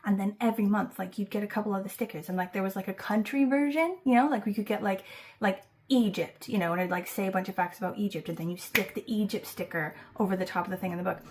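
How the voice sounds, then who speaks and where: A woman's voice: medium pitch, quick pace, slight background noise. A woman hosting a book channel, talking casually to camera with lots of fillers and playful asides. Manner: chatty, many fillers, playful and self-teasing. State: fighting back tears. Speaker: booktube host announcing a reading challenge.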